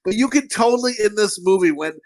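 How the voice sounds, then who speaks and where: A man's voice: sits high, animated, fast, a little mellow, no echo. A man co-hosting a podcast in casual chat, a profane, rambling storyteller who laughs at his own stories. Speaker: podcast co-host.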